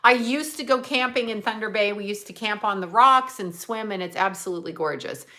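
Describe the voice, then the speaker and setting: Woman, bubbly livestream chat, bright voice, chatty. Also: medium pitch, a little fast. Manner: chatty, bubbly, reads out viewer locations. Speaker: livestream host. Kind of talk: casual livestream chat with viewers. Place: at home, just out of bed.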